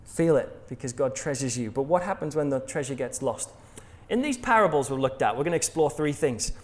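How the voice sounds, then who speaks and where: A man's voice: mid-range voice, lively intonation, brisk. An English man preaching a sermon in a jokey, conversational way, laughing at his own jokes. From England.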